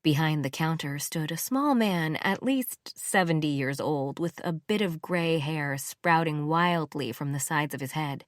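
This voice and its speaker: Low, slow woman narrating a romance. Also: no echo, studio quality. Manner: measured, intimate storytelling. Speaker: audiobook narrator. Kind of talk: first-person romance audiobook narration.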